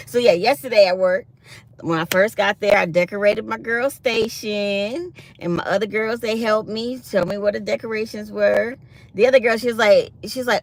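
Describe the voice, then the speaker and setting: A woman's voice: medium pitch, expressive, fairly quick. A woman chatting casually to her viewers, animatedly retelling her day. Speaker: vlogger.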